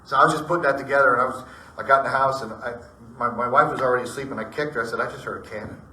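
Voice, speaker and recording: A man's voice: medium pitch, rapid-fire, recorded from a distance. Chatty man telling ghost stories. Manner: rambling, animated retelling with acted-out dialogue. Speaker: storyteller. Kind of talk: casual personal ghost story told to a group. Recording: echoey room, voice from off-mic.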